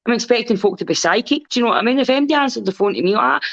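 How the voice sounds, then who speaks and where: A woman's voice: a little high, expressive, rapid-fire, gravelly, dry recording. Rambling candid Scottish woman, lo-fi sound. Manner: rambling, candid, swears freely. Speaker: podcast guest. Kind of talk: casual chat. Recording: dull lo-fi recording.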